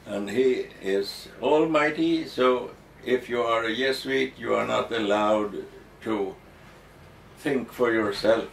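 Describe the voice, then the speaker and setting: A man answering interview questions slowly and hesitantly, with frequent ums and restarts. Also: medium pitch, gravelly. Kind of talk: halting explanatory interview answers. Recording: echoey room, distant mic, faint noise.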